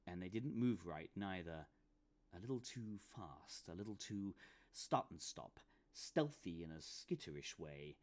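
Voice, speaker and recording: A man's voice: lowish voice, darkish tone. A man, the author, reading his comic novel aloud with dramatic, playful storytelling. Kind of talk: expressive book reading.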